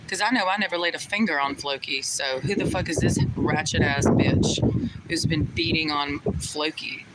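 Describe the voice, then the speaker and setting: A woman's voice: low-pitched, normal speed. A young woman talking to her chat on a livestream, indignant and profane, firing the same rhetorical questions again and again. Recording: loud vehicle noise behind.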